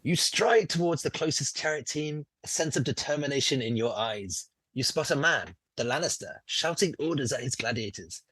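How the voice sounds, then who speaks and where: A man's voice: mid-range voice, expressive, normal speed, hardly any pauses, a bit bright, husky, no echo. A man running a role-playing podcast as game master, narrating in a theatrical storytelling manner. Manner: theatrical storytelling, laughs often. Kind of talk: role-play narration and casual chat.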